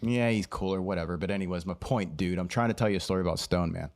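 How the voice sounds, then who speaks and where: A man's voice: low voice, quick pace, darkish tone. A man co-hosting a podcast, rambling through an anecdote with fillers. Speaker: podcast co-host. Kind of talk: casual chat, storytelling.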